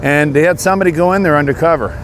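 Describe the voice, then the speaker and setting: Out on a walk near traffic, a vlogger from Canada talks casually in a walking monologue, sounding earnest, indignant and a bit preachy. He speaks rapid-fire at a fairly high pitch, and a little hiss or hum is audible.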